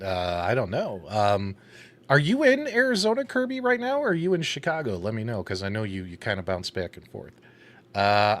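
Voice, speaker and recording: A man's voice: sits low, a bit bright. A man co-hosting a live-streamed arcade gaming show, chatting casually with a laid-back, rambling manner full of fillers. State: catching his breath.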